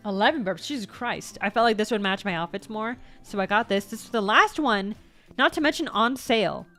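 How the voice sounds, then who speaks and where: A woman's voice: mid-range voice, expressive, brisk, bright, forceful tone, faint music behind. A woman VTuber chatting casually about things she bought, rambling and correcting herself as she goes, with the odd swear word. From United States. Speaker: VTuber vlogger. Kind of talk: casual show-and-tell chat.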